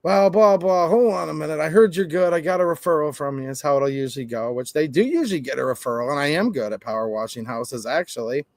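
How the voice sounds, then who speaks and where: Talking fast with few pauses, the gun rights commentator's fairly high voice carries a sarcastic monologue about gun laws where he voices both sides of made-up conversations. No room sound is audible.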